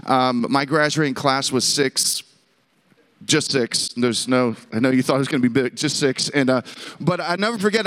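A man in his thirties from Pittsburgh, telling a humorous personal story to a camp audience in an animated, self-deprecating way with call-and-response. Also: medium pitch. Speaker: camp speaker. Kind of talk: storytelling sermon.

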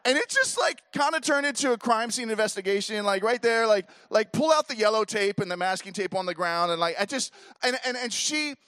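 High bright-voiced animated male storyteller. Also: brisk, clean tone, dry recording, clean studio sound. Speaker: speaker at a youth leader event. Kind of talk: storytelling talk to a live audience.

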